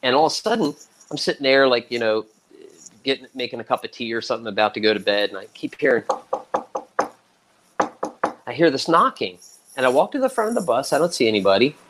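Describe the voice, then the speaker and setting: A man in casual conversation, spinning anecdotes with a lot of lift and fall in his pitch. He gets animated and raises his voice when he acts out quotes. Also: fast, long pauses, a little hiss or hum, poor audio. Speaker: guest musician. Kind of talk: casual storytelling.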